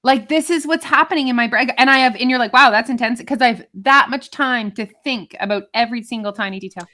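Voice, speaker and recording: Bright-voiced woman co-host, candid. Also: fairly high pitch, brisk. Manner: candid, self-mocking. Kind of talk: casual chat.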